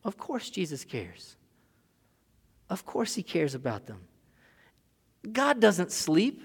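A man delivers a sermon, his voice a touch higher than most men's. He slips into loose, casual asides, then climbs to loud, emphatic peaks when he reads scripture. A long reverb hangs on every word, as in a large sanctuary. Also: animated, unhurried. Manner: casual asides with filler and restarts. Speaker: pastor.

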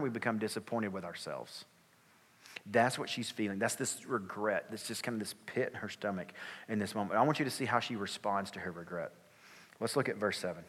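A man's voice: lowish voice, a bit bright, breathy edge, big-room sound. A male pastor giving a sermon in an earnest, conversational way, with casual filler words.

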